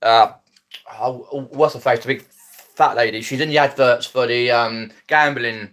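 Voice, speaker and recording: A man with a South East English Mockney accent talks off the cuff to his live stream viewers. His voice is mid-pitched and bright, with a forward edge. He rambles, stumbles and restarts, dropping his aitches as he goes. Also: steady tone, a little slow. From Epsom, Surrey, England. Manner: rambling, hesitant, many ums and restarts, laughs often. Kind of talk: casual live stream chat. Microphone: phone.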